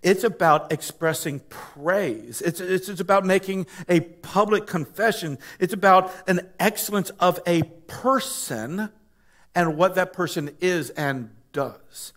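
A man's voice: sits high, a little slow, fairly bright tone. A male pastor preaching a conversational sermon, repeating words and building to emphatic praise.

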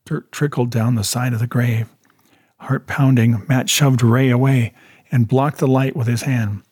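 A male audiobook narrator with a steady storytelling delivery. His voice is slightly husky at a middle pitch, recorded dry and close. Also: measured pace, no echo. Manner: steady storytelling, voicing characters.

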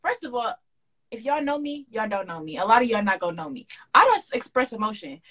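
A young woman co-hosting a casual podcast, telling a story with lively slang and acting out the quoted dialogue. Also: fairly high pitch, fast. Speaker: podcast co-host.

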